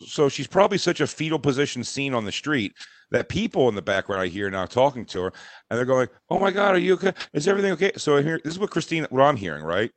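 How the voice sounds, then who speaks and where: A man's voice: mid-range voice, fast, no room sound. A man hosting a podcast, telling stories in casual comedic chat with mocking impressions. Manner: animated storytelling with mocking impressions. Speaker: podcast host.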